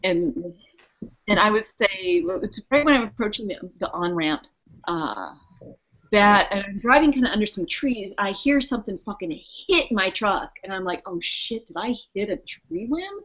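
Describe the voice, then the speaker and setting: A woman co-hosting a casual podcast, telling a story in an animated way, swearing and laughing as she goes. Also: medium pitch, moderate pace. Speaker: podcast co-host. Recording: muffled lo-fi audio.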